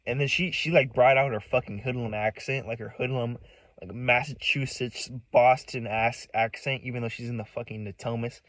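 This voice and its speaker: A man's voice: mid-range voice, fairly even intonation, a little fast, dry recording, rough recording. A man telling a personal story in a casual monologue, agitated and profane, rambling with many restarts. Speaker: vlogger.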